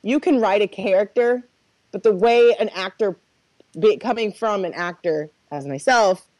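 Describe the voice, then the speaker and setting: A woman's voice: mid-range voice, moderate pace, no room sound, low-quality recording. A woman co-hosting a podcast, talking casually with some hesitation. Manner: lively, hesitant, laughs often. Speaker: podcast co-host. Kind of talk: casual group chat.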